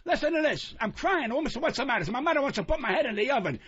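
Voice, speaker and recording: A man's voice: extremely high pitch, expressive, racing, fairly bright tone, breathy edge. An older man, a guest comedian on a radio talk show, ranting in a hostile, profane, combative way. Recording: muffled radio broadcast.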